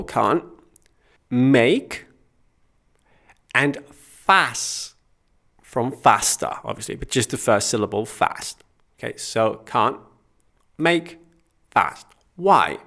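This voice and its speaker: A man teaching a guitar and singing lesson, patiently explaining step by step and counting beats aloud, with his own guitar playing behind him. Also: mid-range voice. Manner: counts beats aloud and sings short phrases softly. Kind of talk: music lesson.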